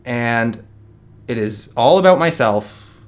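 A man's voice: medium pitch, animated, takes it slowly. A man hosting a solo podcast, arguing his view in an earnest, conversational way with many restarts. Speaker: podcast host. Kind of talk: solo opinion podcast monologue.

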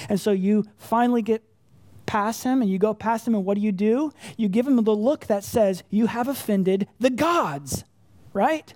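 A woman's voice: mid-range voice, warm tone, no echo. A woman preaching a sermon to a congregation, conversational and emphatic, using rhetorical questions and repetition. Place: church congregation room.

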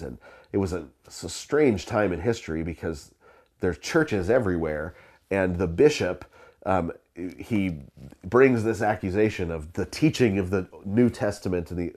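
A man with a very low voice tells a story from the pulpit in a loose, conversational way. He stumbles over restarts and fillers, and he chuckles as the story unfolds. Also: darkish tone. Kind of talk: sermon storytelling.

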